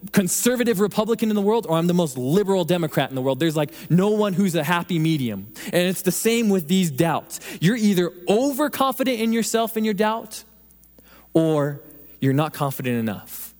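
A man preaching a sermon in an earnest voice, slowing and softening for emphasis. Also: high voice, lively intonation. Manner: earnest, building then dropping to slow soft emphasis. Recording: long reverb of a hall.

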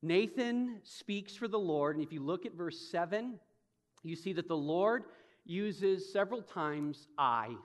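A man preaching a sermon as pastor, telling stories dramatically with slow, emphatic phrases. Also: sits high, animated. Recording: long reverb of a large hall.

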